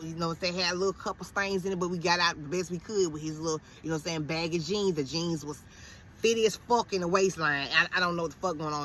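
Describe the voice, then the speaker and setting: A woman in her thirties tells a story in a casual, profane way and acts out every line she quotes. Her voice is bright and a little tense. A faint hiss runs under the recording. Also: mid-range voice. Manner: animated, profane, quick to quote others.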